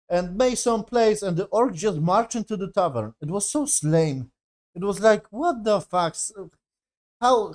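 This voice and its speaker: A man's voice: fairly high pitch, darkish tone. A man giving a casual spoken review of a TV series. He rambles, swears constantly, sounds exasperated, and speaks English with non-native grammar.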